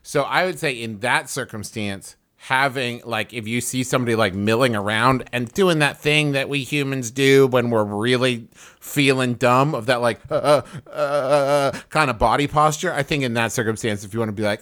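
A man's voice: medium pitch, normal speed, a bit bright. A man co-hosting a comedy podcast, telling a self-deprecating story in an earnest, chatty way. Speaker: podcast co-host. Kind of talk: comedic casual chat.

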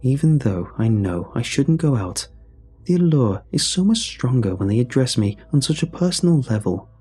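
A man narrating a scripted horror story in a measured, somber way. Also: mid-range voice, big pitch swings, warm tone, husky, soft background music.

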